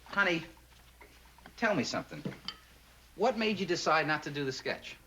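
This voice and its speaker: An actor playing a gentle, patient man who gives his girlfriend calm advice in a 1960s sitcom. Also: fairly high pitch, normal speed, a little hiss or hum, low-quality recording. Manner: gentle, patient, calls her honey.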